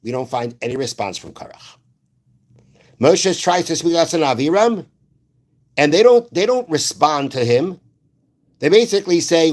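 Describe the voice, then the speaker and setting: Guy w/ kinda high voice teaching a torah class, slow careful explaining, says stuff twice. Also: big pitch swings, darkish tone. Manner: explains slowly, repeats phrases, quotes Hebrew verses. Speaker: rabbi.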